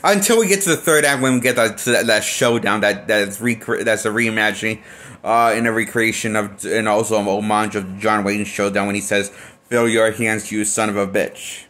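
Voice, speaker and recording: A man's voice: fairly low pitch, steady tone, a little fast, pushed and bright. A man giving a casual film review as a movie critic, blunt and profane, rambling and restarting his sentences often.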